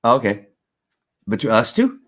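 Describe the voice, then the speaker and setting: A man's voice: mid-range voice, huge pitch swings, normal speed, fairly bright tone, breathy edge. A middle-aged man hosting a casual livestream, rambling with lots of restarts and chuckles. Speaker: host of a faith and politics livestream.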